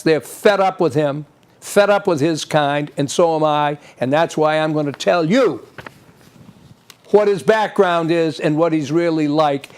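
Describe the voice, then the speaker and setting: A man hosting a TV show, delivering an opinionated political commentary monologue full of indignant rhetorical questions. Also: high voice. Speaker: TV show host.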